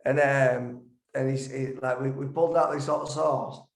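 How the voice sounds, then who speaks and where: A man with a Yorkshire accent, a musician guest telling a story in a rambling, animated way, often stumbling over his words. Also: mid-range voice, unhurried. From Yorkshire, England. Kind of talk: casual storytelling. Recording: echoey room.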